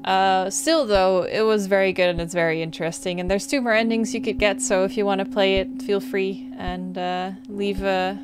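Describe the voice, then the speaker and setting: A woman's voice: mid-range voice, fairly even intonation, normal speed, hardly any pauses, music in the background. A woman hosting a gaming video, wrapping up with casual, blunt commentary and free swearing.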